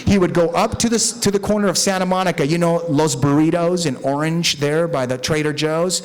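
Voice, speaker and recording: A middle-aged man from Mexico, speaking at a recovery meeting in a profane, rambling, animated storytelling style before an audience. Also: a little high, fairly quick. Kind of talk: candid storytelling talk.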